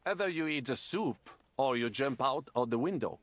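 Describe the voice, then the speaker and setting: A man's voice: mid-range voice, animated, moderate pace, close to an everyday voice. An actor playing a fussy, theatrical male language teacher in a game, precise and easily exasperated. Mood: patient, exacting. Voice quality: precise, exasperated tutoring manner. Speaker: language tutor. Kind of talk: game voice acting.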